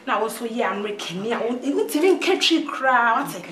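An actress playing an excitable, scheming Ghanaian woman who mixes Twi and pidgin English in a film scene. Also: fairly high pitch, a little fast, a crowd in the background, close to an everyday voice. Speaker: film character. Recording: echoey room with loud film music.

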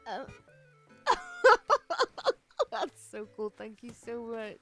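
A woman's voice: a little high, level tone, moderate pace. A woman streaming a game, chatting casually and gushing with thanks, often gasping and giggling. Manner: bubbly, gushing thanks, frequent gasps and giggles. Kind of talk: casual livestream chat while gaming. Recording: faint game music behind.

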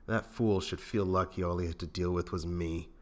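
A cocky middle-aged smuggler who grumbles and needles everyone around him, as a man reads him aloud in a fan audiobook. The voice sits low and sarcastic, full of stubborn complaint. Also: steady tone, normal speed, natural voice.

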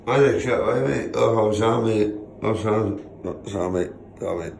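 A man's voice: fairly low pitch, brisk, gravelly, darkish tone, roomy sound, slight background noise. A man, teasing his mate over and over in casual banter, filming on a phone. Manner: teasing, mocking, repeats himself. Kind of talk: casual banter among mates. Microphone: phone camera.

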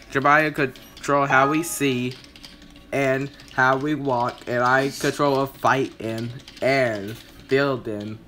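A gamer doing let's-play commentary, often screaming in panic and yelling at a teammate. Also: mid-range voice.

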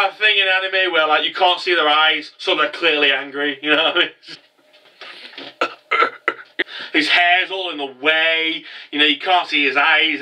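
Young man, casual anime review, animated rambling, very bright sharp tone, mic set back. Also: on the high side, distant mic, poor audio. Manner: animated, rambling, many restarts.

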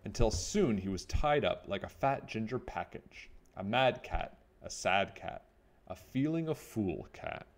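A man reads a children's picture book aloud in a low voice, taking his time over every line. His delivery rises and falls freely, full of expression for young listeners. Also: gravelly. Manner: expressive, unhurried storytelling. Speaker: children's story reader.

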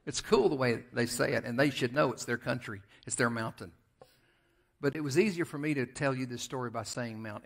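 Southern American male pastor, mid-range voice, conversational sermon delivery with quiet asides. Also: mid-range voice, gravelly. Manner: conversational storytelling, shifting between loud emphasis and quiet asides. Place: church sanctuary.

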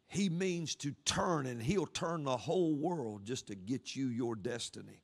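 A man preaching a sermon, swinging from loud cries down to low murmurs. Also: expressive, normal speed, creaky, few pauses, husky.

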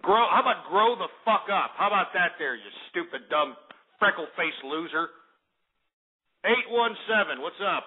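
A high-pitched man runs a call-in radio show with a brash, ranting delivery, berating callers and barking orders to dump them. His voice comes through a thin, phone-like band that strips out the lows and highs. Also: animated, normal speed, slightly rough. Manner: ranting, insulting, hangs up on callers. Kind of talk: abrasive call-in show hosting. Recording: lo-fi phone-like internet radio audio.

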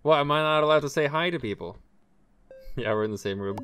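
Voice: mid-range voice, a bit bright, slight background noise. A gamer streamer casually chatting with other players over voice chat in a teasing, giggly way, speaking into a desk microphone.

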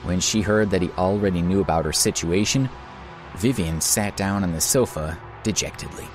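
A man's voice: sits low, normal speed, soft background music. A man narrating an audio drama in a dramatic storytelling manner.

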